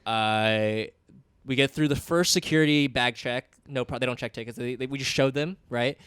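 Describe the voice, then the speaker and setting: A young man co-hosts a casual podcast, retelling a trip with animated energy and acting out what people said. His voice is smooth and resonant. The sound is close and dry, with no room around it. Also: mid-range voice, a little fast, no echo. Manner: animated retelling, acts out quotes, swears freely. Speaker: podcast co-host. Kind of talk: casual storytelling chat.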